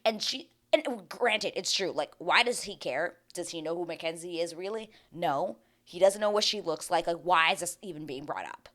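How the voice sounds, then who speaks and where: A woman's voice: on the low side, moderate pace, few pauses, a bit bright. Exasperated woman ranting through a recap. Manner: exasperated, ranting, swears freely. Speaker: reality TV recap host. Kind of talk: casual commentary.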